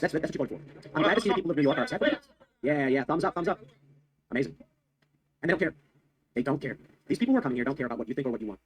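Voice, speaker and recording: Guy ranting about the news super fast, swings all over in pitch, kinda husky. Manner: heated, sarcastic, emphatic repetition. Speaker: political commentator.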